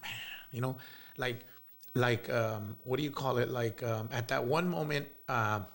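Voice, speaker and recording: A man's voice: medium pitch, a little slow, gravelly, a bit bright. A man, telling a heartfelt story as an interview guest, rambling with many fillers and bits of Spanish slang. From South Texas.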